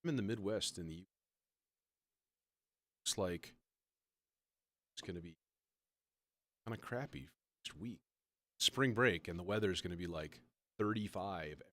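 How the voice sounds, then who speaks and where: A man with a very deep voice hosts a relaxed livestream, rambling as he works and mocking himself, with the odd curse thrown in. The recording is dry and close, with no room sound. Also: unhurried, long pauses, no echo. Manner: rambling, self-mocking, swears often. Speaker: livestream host building a modular synth. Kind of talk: casual livestream chat while working.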